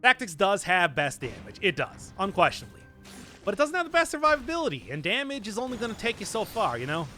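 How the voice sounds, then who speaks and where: A young man live-streaming a game, chatting casually and answering chat in an animated, self-mocking way. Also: high voice, quick pace, faint music behind. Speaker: gaming streamer.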